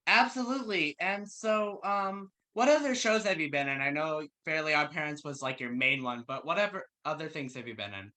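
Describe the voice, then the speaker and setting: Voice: medium pitch, lively intonation, moderate pace, few pauses, pushed and bright. An interview host asking questions in a friendly, encouraging way, with short affirmations.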